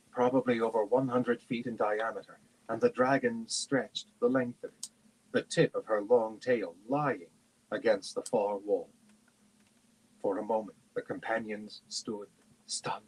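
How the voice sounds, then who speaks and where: A man reads a fantasy novel aloud at a steady, measured pace. His voice sits fairly low and sounds husky. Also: poor audio. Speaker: reader.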